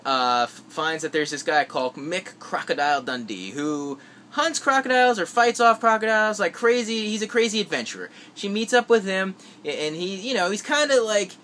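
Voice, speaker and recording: In a casual vlog, a man rambles through his list of movies, full of fillers and restarts, acting out quotes as he goes. His voice is fairly high, pushed and bright, with a little hiss or hum in the background.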